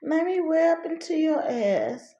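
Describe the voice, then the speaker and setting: Brief: woman doing her sharp-tongued older mom, high scolding voice, echoey room. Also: expressive, unhurried, muffled recording.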